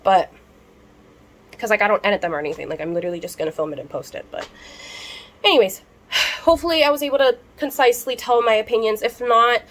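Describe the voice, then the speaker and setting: A woman's voice: a little high, fast, long pauses. Young woman vlogger, fired-up, swears freely, rambles through a rant straight to camera. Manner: heated, profane, rambling with many fillers.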